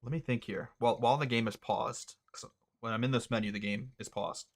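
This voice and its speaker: A young man casually commentating his own gameplay, thinking out loud with a wry, chatty manner. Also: medium pitch, fairly even intonation, a little fast. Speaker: gaming streamer. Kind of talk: casual let's-play commentary.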